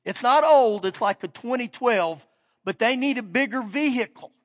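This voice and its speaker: A man's voice: very high-pitched, expressive, normal speed, fairly bright tone. A middle-aged man preaching a sermon, telling stories in a folksy way and building to emphatic points. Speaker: pastor. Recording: long reverb of a big hall.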